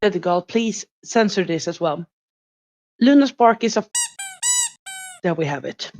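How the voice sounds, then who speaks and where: Woman hosting a chat, lower voice. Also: lively intonation, a little slow, a little mellow, slight background noise. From Sweden. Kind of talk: casual chat.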